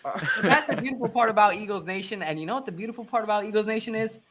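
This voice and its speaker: A man in his twenties hosting a sports podcast, excitable and joking, with hype-man energy. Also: sits high, very fast. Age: 20s. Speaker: podcast host. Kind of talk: casual sports podcast chat.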